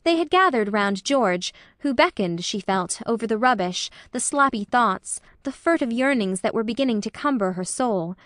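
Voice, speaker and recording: A woman's voice: a little high, no echo, studio quality. Woman reading a classic novel aloud. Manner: measured, expressive reading. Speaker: audiobook narrator. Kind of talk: scripted narration of a classic novel.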